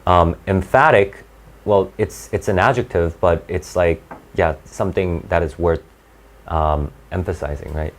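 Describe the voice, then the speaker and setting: A man teaching an SAT class live, talking in a halting, conversational way with frequent restarts and fillers. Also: low-pitched. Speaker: SAT tutor.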